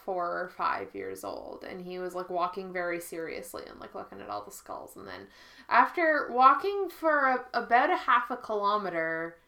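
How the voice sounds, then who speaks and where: Bright-voiced woman in casual chat. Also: fairly low pitch, very animated, moderate pace. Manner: laughs often while telling stories.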